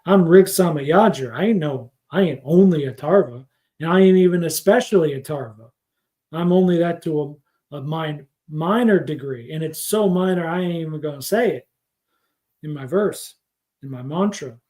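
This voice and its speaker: A man's voice: fairly high pitch, moderate pace, dark tone, close to an everyday voice. A man doing a swaggering slang-talking Krishna. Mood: dismissive. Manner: casual slang, boastful. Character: swaggering slangy male god, dismissive.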